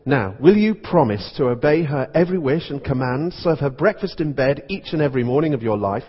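A man's voice: mid-range voice, animated, fairly quick, husky, in a large hall, lo-fi sound. A man voicing a sly vicar reciting exaggerated wedding vows in a mock-solemn manner.

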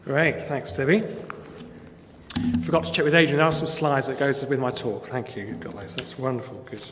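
A man's voice: medium pitch, fairly even intonation, normal speed, background noise. A man with an English accent preaching a sermon in church, chatty and hesitant with fillers, then declaiming the quotes he reads. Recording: long church reverb.

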